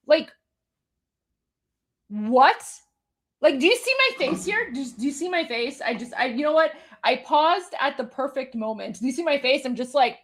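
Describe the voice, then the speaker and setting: A woman's voice: sits high, expressive, normal speed, fairly bright tone. A woman hosting a live commentary show, reacting to a clip with incredulous, exasperated asides. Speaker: host.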